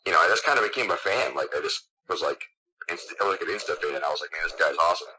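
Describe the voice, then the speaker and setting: A man who is a guest on a podcast, excitedly telling a long story with lots of fillers. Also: deep voice, racing, husky, rough recording. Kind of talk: casual interview chat.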